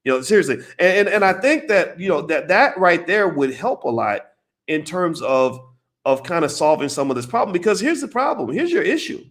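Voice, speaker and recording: An American man talks straight to his viewers in casual commentary. His voice sits a little high and rises and falls a lot, and he keeps pressing his points with rhetorical questions and repetition. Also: sing-song, normal speed, fairly bright tone.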